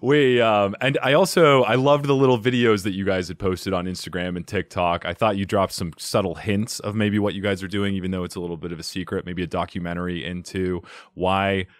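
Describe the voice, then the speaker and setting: An upbeat man hosts a comedy podcast with a fairly low voice. He keeps things light and jokey. The sound is dry and close, with no room in it. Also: fairly even intonation, no echo. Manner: upbeat, jokey, quick to laugh. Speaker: podcast host. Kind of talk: casual interview chat.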